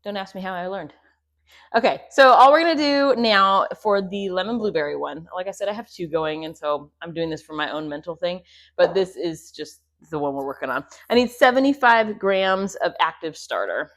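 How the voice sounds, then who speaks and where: A woman's voice: lowish voice, lively intonation, moderate pace, fairly bright tone. A chatty woman gives a casual cooking demonstration in her home kitchen, joking and laughing at herself as she works. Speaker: homestead host. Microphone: clip-on mic.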